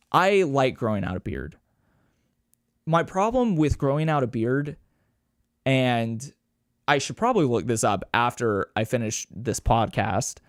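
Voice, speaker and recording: Speaking in a mid-range voice, a young man hosts a podcast alone, drifting through casual talk with swearing and jokes at his own expense. He turns animated to mimic people in a raised voice, and the sound is studio quality without echo.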